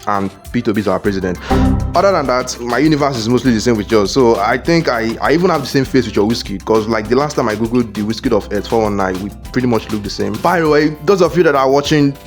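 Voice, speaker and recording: A man's voice: mid-range voice, fast talker, soft background music. A man with a Nigerian accent telling a comic story, playful and dramatic. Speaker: comedic storyteller. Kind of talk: comedy skit narration.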